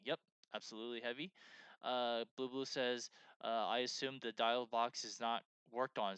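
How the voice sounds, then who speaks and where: A man's voice: medium pitch, sharp tone, clear, resonant tone, dry recording. A man co-hosting a casual live stream, giving enthusiastic feedback and reading viewer comments with lots of fillers. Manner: enthusiastic, filler-heavy, upbeat.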